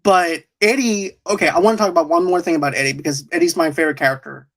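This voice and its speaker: A man's voice: on the high side, steady tone, fast. A man hosting a podcast in casual chat, rambling and restarting his sentences with frequent chuckles. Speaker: podcast host.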